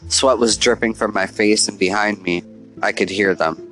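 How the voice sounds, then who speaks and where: A man's voice: lowish voice, fairly even intonation, normal speed, a bit bright, soft background music, low-quality recording. A man narrating a first-person horror story in an earnest, confessional, diary-like way.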